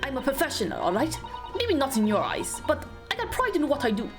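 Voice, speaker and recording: A woman's voice: high voice, wildly swooping pitch, brisk, pitched above the performer's own voice, heavily acted. A woman voicing a proud young female street urchin and pickpocket in a game, reading the dialogue aloud with brash, slangy talk. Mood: defiant. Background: game music.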